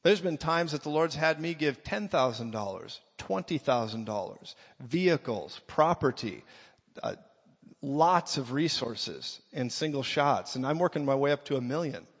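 Animated male preacher in a reverberant hall. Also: mid-range voice, normal speed, highs cut off. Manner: animated, swings from quiet to shouting. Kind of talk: sermon.

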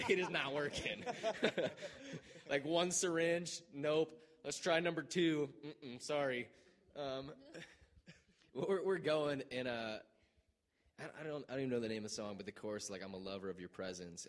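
Guy telling a story, kinda low voice, keeps laughing and doing voices. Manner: animated, laughing, acts out quoted voices. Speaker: mission trip storyteller. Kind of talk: casual storytelling.

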